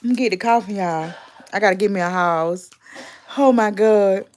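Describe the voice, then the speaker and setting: Woman livestreamer, mid-pitched, blunt and profane gossip talk. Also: moderate pace. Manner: blunt, profane, loudly animated. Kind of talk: casual livestream gossip commentary.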